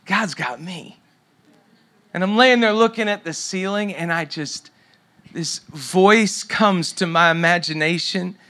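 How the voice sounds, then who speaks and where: Middle-aged guy preaching, bright kinda high voice, goes soft and quiet in places. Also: a little slow. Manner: storytelling, drops to near-whisper at tender moments. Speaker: pastor. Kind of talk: sermon.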